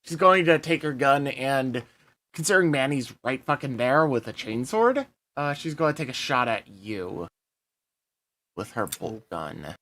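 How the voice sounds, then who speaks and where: A man's voice: medium pitch, very animated, measured pace, a bit bright. A man narrating as game master of a tabletop game, swearing casually and laughing as he talks.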